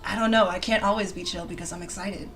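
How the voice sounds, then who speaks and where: A woman hosting a casual live stream, excitable and bubbly, laughing often and bursting into squeals, on a desk mic with soft music behind her. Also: lowish voice, fast talker. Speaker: livestream host. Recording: quiet music under the voice. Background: soft background music.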